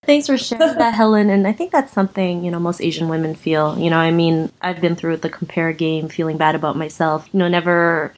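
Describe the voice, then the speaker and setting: Lower-voiced encouraging woman host. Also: steady tone, brisk, few pauses, rough recording. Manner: warmly encouraging, many "you know" fillers. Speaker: podcast host. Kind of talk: encouraging interview chat.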